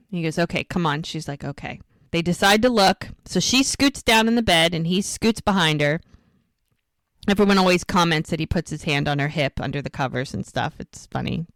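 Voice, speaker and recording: Animated woman retelling a show. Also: on the low side, normal speed, dry recording. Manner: animated retelling, acts out dialogue. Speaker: podcast co-host recapping episodes. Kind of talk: casual recap chat.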